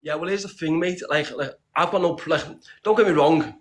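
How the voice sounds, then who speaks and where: A man with a slightly high voice talks briskly as an interview guest, blunt and streetwise, swearing freely and saying "lad" often. The casual conversation rambles with many restarts.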